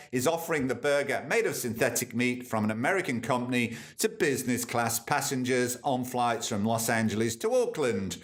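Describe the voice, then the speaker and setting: A man's voice: medium pitch, fairly bright tone. A man hosting a comedy podcast, reading news items and ranting about them with sarcasm. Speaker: podcast host. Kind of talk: comic news commentary.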